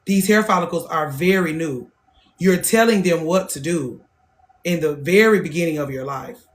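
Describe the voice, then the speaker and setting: A woman's voice: fairly low pitch, moderate pace. A woman in her thirties, a hairstylist hosting a show, talking in a blunt, profane, casual monologue and repeating phrases for emphasis. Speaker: hairstylist and podcast host.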